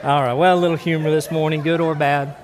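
A male pastor preaching a casual, halting sermon with frequent restarts, asking the congregation for amens. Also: fairly high pitch, little pitch movement. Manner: conversational, many restarts, calls for amens. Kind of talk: sermon with humor and prayer. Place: church sanctuary. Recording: long church hall reverb.

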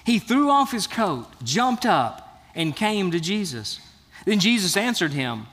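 A man's voice: on the high side, sing-song, unhurried, fairly bright tone, big-room sound. A man preaching a sermon as a pastor, earnest and building to emphatic bursts.

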